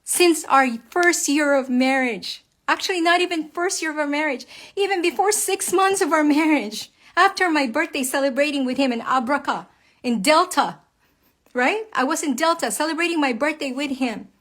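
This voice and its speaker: Very angry, a woman delivers a heated, profane rant to camera about her husband, addressing her viewers as "guys." Her voice is high-pitched and fairly bright, at a moderate pace, and she speaks emphatically as a wife speaking out online.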